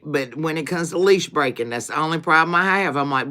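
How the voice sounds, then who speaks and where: A woman's voice: sits low, brisk, fairly bright tone. A woman hosting a casual livestream, chatting about her dogs and laughing often. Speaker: tarot reader, livestream host.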